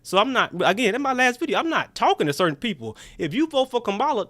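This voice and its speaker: A young man rants through a casual livestream in a high, lively voice that keeps jumping around. He sounds defiant and heated and circles back to repeat his points. The sound is dry and close, with no room echo. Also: quick pace. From Jackson, Mississippi. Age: 20s. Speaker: political livestreamer. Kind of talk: casual political rant.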